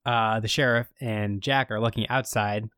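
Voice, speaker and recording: A man's voice: on the low side, steady tone, normal speed, a bit bright, clear, resonant tone, no room sound, studio quality. A man co-hosting a podcast, casually recapping an episode in a rambling way, full of fillers. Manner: rambling storytelling with many fillers. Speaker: podcast co-host recapping a show.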